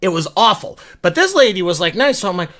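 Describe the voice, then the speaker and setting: A man's voice: sits high, very animated, fast, fairly bright tone. A man telling a story to his viewers in a casual, self-deprecating way, rambling and stumbling over restarts. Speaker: vlogger.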